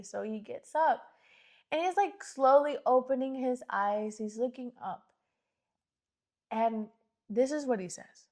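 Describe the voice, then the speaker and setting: A woman's voice: a little high, measured pace, pauses often. A woman hosting a podcast, telling a story in casual chat and acting out the quotes with lots of "like"s. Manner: animated, acts out quotes, many "like"s. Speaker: podcast host.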